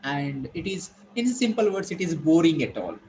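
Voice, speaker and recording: A man teaching a class, explaining slowly and repeating himself with frequent pauses. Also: a little high, sing-song, a little mellow, slight background noise, poor audio. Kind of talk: online classroom lecture.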